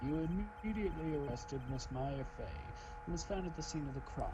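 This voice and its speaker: A man's voice: fairly high pitch, fairly quick, muffled recording, background noise, pitched above the performer's own voice, close to an everyday voice. A man voicing a haughty, confident male prosecutor with a formal, stern delivery. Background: game music.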